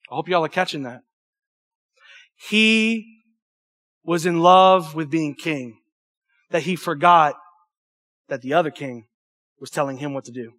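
A young man preaching a youth sermon in an animated, emphatic way, with stumbles and asides. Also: a little high. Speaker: youth pastor.

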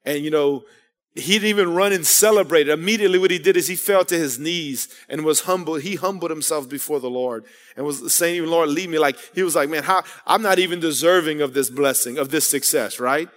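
Pastor guy preaching, earnest storytelling, kinda high voice, church echo hanging after every line. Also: a little fast, a bit bright. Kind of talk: sermon. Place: church sanctuary. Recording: long reverb of a church hall.

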